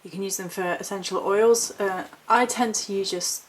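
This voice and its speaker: A woman's voice: medium pitch, steady tone, normal speed, low-quality recording. A woman chatting casually through a haul vlog, rambling and correcting herself as she goes. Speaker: witchcraft vlogger.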